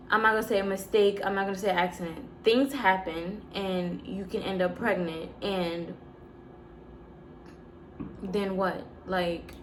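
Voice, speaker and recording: Animated woman telling a vlog story. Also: mid-range voice, slight background noise. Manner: animated, emphatic, repeats words. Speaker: vlogger. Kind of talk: casual storytelling to camera.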